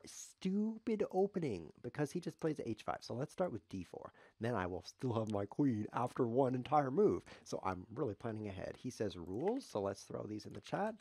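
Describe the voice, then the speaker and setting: A man's voice: medium pitch, a little mellow, slightly rough, no echo. A man commenting live on his own chess game as a streamer, sarcastic, self-mocking and grumbling.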